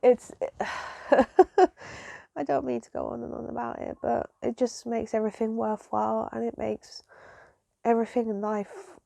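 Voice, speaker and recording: A woman's voice: fairly high pitch, little pitch movement, unhurried, creaky, warm tone, no room sound, clean studio sound. A woman vlogger chatting casually and emotionally, rambling with lots of fillers and restarts. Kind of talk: casual chat.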